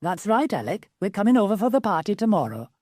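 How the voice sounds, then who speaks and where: A woman's voice: mid-range voice, very animated, quick pace, darkish tone, no echo, studio quality, pitched above the performer's own voice. A woman voicing a firm, practical middle-aged mother in a storybook.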